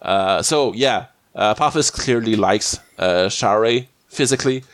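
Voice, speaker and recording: A man's voice: fairly low pitch, no room sound. A podcast host with a slight cold, rambling and restarting as he recaps a TV episode in casual chat. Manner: rambling, halting, many restarts.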